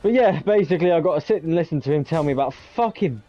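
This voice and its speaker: A man's voice: fairly high pitch, animated, quick pace, muffled recording, faint music behind. A young man, casually telling a long story full of swearing and acting out both sides of each conversation. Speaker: gamer streamer.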